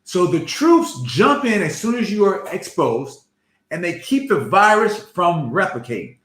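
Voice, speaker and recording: A man's voice: high-pitched, very animated, measured pace, a bit bright, roomy sound. A man, an emergency physician, explaining vaccines in a jovial, plain-spoken way. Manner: jovial, laughs often, explains simply. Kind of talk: casual health talk.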